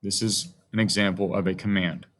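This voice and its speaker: A man's voice: low-pitched, flat delivery, fairly quick, fairly bright tone. A man teaching a grammar lesson to young children, speaking in a patient, friendly way.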